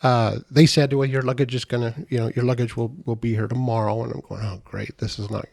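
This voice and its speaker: A middle-aged man, a podcast guest, telling a story in a casual, halting way and often repeating his words. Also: medium pitch, flat delivery, vocal fry, a little mellow, no room sound.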